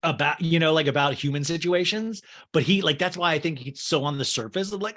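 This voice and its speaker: A man's voice: on the high side, brisk, hardly any pauses, a bit bright. A man hosting a podcast, recapping a show in a rambling, jokey way. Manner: rambling, jokey, full of fillers. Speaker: podcast host. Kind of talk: casual comedic recap.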